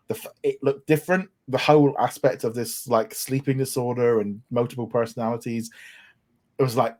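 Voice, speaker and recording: Chatty podcast co-host. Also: male voice, mid-range voice, fast talker, a little mellow. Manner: chatty, enthusiastic, many restarts. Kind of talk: casual chat.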